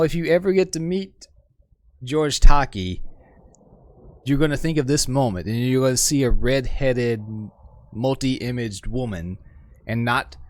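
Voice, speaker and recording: A man streaming a game live, chatting casually and stumbling over his words with a laugh. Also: mid-range voice.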